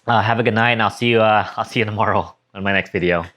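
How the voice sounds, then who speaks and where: A man's voice: lowish voice, fairly even intonation, quick pace, fairly bright tone. A young man talking casually and emotionally in a personal vlog, rambling and correcting himself as he reflects. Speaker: vlogger.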